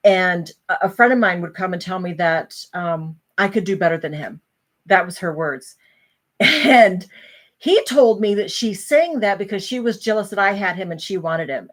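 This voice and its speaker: A woman vlogger candidly sharing a personal story, speaking earnestly with halting pauses. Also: fairly low pitch, fairly bright tone. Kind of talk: candid personal talk and poem reading.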